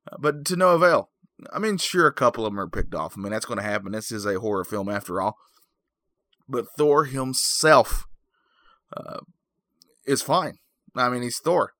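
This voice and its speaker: A man's voice: on the low side, bright, forceful tone, dry recording, studio quality. A man giving a rambling, self-deprecating comedic recap, full of fillers and asides. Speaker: comic movie recapper.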